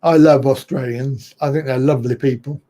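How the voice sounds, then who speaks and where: A man's voice: mid-range voice, fairly even intonation, moderate pace, warm tone. A middle-aged man hosting a casual live chat, talking bluntly and ramblingly, and chuckling often at his own remarks. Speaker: livestream host.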